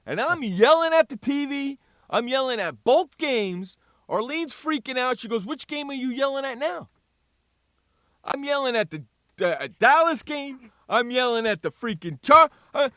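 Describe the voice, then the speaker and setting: A man's voice: very high voice, big pitch swings, a little slow, pushed and bright, dry recording, studio quality. A man hosting a sports talk radio show, ranting animatedly about the games and saying "freaking" over and over.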